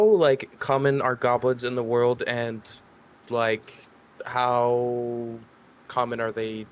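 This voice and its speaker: Slow, hesitant male player. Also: mid-range voice, clear, resonant tone. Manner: hesitant, halting with fillers. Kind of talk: casual questions at the game table.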